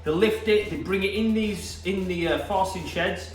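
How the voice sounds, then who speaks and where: A produce seller with a Yorkshire accent gushes enthusiastically about fresh produce in a casual demonstration. His voice sits high at a moderate pace, recorded from a distant mic in an echoey room with faint music.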